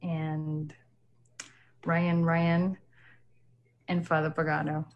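A woman listener sending a recorded message, hesitant and apologetic, with many pauses. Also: deep voice, little pitch movement, muffled recording.

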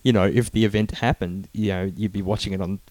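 A man co-hosting a casual film review chat, animated and halting, with many fillers and restarts. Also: on the low side, no echo.

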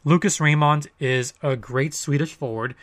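A man's voice: fairly high pitch, moderate pace, a bit bright, no room sound, clean studio sound. Chatty man hosting a sports podcast. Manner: chatty, playful asides, emphatic. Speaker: podcast host. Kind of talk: casual sports podcast monologue.

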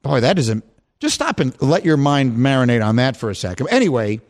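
A man hosting a sports talk radio show, chatting casually, teasing his guests and laughing easily. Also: medium pitch. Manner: animated, quick to laugh and tease.

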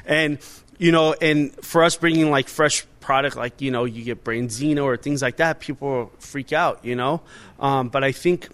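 Man, 40s, restaurant owner, casual interview, animated, filler-heavy. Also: mid-range voice, moderate pace.

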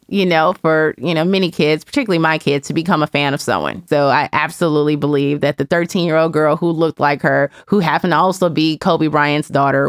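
A woman's voice: deep voice, dry recording, clean studio sound. A woman in casual conversation, candidly and reflectively telling a personal story as a mother, with lots of "you know".

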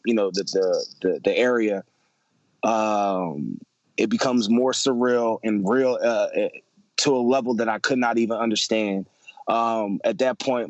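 A man's voice: fairly low pitch, dry recording, lo-fi sound. A man in his thirties telling a personal story about his family in a casual, conversational way, full of fillers, repeats and slang.

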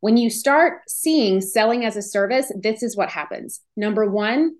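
A woman hosting a podcast, giving an energetic, emphatic motivational talk on business and selling. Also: on the high side, measured pace. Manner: energetic, emphatic, acts out inner voices. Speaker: podcast host.

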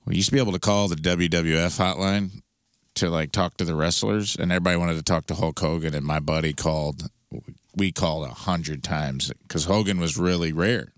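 A man's voice: low-pitched, fairly quick, no room sound, studio quality. An American man on a radio show's banter, telling jokey stories and putting on voices. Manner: jokey storyteller, puts on voices in his bits. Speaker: radio co-host. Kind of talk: casual comedic chat.

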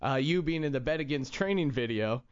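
A man's voice: medium pitch, animated, a little fast, clean tone, muffled recording. A man hosting a talk radio show in casual banter, telling stories and laughing often. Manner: laughs often, tells stories with acted quotes.

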